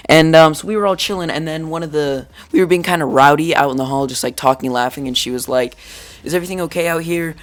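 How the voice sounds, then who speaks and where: A teenage boy with a slightly higher voice for a guy, telling a school story to his viewers. He rambles and jokes, and fills his talk with "like" and "dude". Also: steady tone, quick pace, hardly any pauses. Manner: rambling, jokey, full of "like" and "dude". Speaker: YouTuber. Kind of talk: casual storytime vlog.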